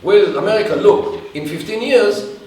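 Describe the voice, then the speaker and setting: A man answering an audience question in a halting lecture style, with many restarts and pauses. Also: high-pitched, expressive, darkish tone. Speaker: guest speaker. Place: event hall. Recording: echoey room from far off, faint hiss.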